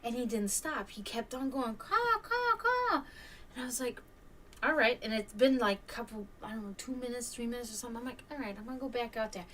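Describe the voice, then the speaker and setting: A woman's voice: fairly high pitch, steady tone, quick pace, recorded from a distance, a little hiss or hum. A woman hosting a stream, telling a story casually, rambling with many fillers and restarts. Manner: imitates hawk caws. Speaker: stream host.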